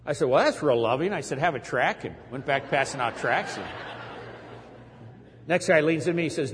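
A man's voice: on the high side, fast. A man preaching a sermon, telling a dramatic story and raising his voice as he preaches. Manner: dramatic retelling, voice rising when preaching. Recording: long hall reverb.

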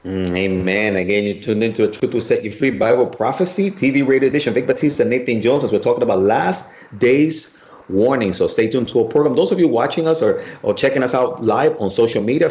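A man's voice: mid-range voice, darkish tone. A man hosting a religious radio show and chatting with his co-host, enthusiastic and friendly. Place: Miami area. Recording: roomy echo.

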